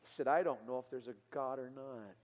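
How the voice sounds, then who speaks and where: Male preacher, mid-pitched, earnest sermon delivery swinging from loud peaks to hushed lines, recorded with long hall reverb. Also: fairly quick. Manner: earnest, building to loud emotional peaks then dropping quiet. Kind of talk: sermon storytelling.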